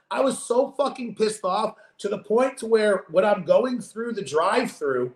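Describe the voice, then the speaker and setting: A man co-hosting a podcast, telling a story in casual chat with a lively, profane manner. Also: high voice, normal speed, few pauses, reverberant. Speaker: podcast co-host.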